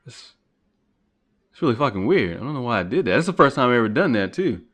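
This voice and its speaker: A podcast host with a fast, sing-song, mid-range voice and a fairly bright tone rambles through a solo rant, swearing casually and rising in pitch when heated. He records on a computer setup.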